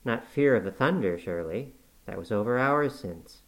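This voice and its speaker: A man voicing a harsh young master of the house, speaking gruffly and scornfully. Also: mid-range voice, animated, moderate pace, lightly acted, rough recording. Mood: stern.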